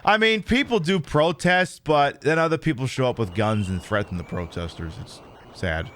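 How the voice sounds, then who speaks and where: A man's voice: mid-range voice, moderate pace, a little hiss or hum. A man streaming a video game, trash-talking the opponents with lots of swearing. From United States. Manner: trash-talking, profane, excitable. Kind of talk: live gameplay commentary.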